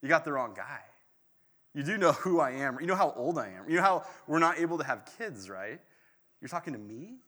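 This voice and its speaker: A man's voice: on the high side, big pitch swings, brisk, a bit bright. Zechariah, as a man acts him, old and incredulous. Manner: incredulous, protesting. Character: old male priest Zechariah, stunned and doubtful.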